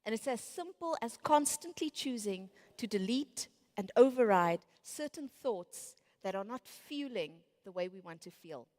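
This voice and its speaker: A woman's voice: on the high side, animated, unhurried, hardly any pauses, darkish tone. A woman in her late thirties giving a motivational conference talk, acting out her inner voices as she tells stories. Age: 30s. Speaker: conference speaker. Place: large conference hall. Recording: reverberant large hall.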